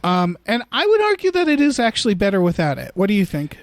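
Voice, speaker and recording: A man's voice: high voice, wildly swooping pitch, fast, no echo. A man co-hosting a podcast, rambling casually about a film and acting out quotes in funny voices. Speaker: podcast co-host. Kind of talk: casual movie discussion.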